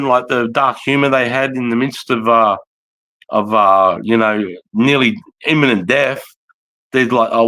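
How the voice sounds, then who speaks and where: A man's voice: medium pitch, sharp tone, poor audio. A man with an Australian accent hosting a live stream, talking bluntly and rambling with lots of swearing. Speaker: livestream host, veteran. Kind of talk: casual live commentary.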